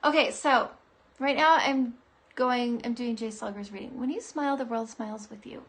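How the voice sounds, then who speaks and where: A woman's voice: high-pitched, normal speed. A woman psychic giving a live-streamed oracle card reading, bubbly and giggly in a chatty way. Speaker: psychic reader.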